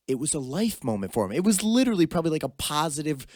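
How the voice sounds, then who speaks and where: A man's voice: on the high side, sing-song, quick pace, darkish tone, no room sound, clean studio sound. A man hosting a podcast, giving emphatic, opinionated commentary in casual talk. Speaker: podcast host. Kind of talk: casual conversation.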